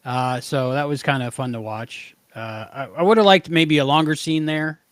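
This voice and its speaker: A man's voice: medium pitch, normal speed, smooth, no echo. A man co-hosting a podcast in casual review chat, easygoing and reading viewer comments aloud. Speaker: podcast co-host.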